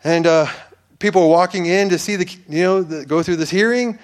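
A man's voice: high voice, fairly quick. A man giving a personal faith testimony in church, earnest and rambling, with restarts and fillers, building to fervent preacher-like declarations.

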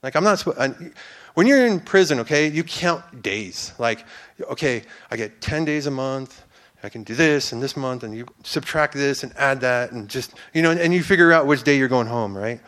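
A man's voice: medium pitch, animated, normal speed, a bit bright. A man giving a personal faith testimony in church, earnest and rambling, with restarts and fillers, building to fervent preacher-like declarations.

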